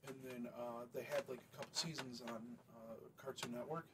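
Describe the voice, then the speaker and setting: A man's voice: mid-range voice, fairly even intonation, normal speed, heavy background noise. A young man co-hosting a podcast, rambling in casual chat with lots of fillers and swearing. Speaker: podcast co-host.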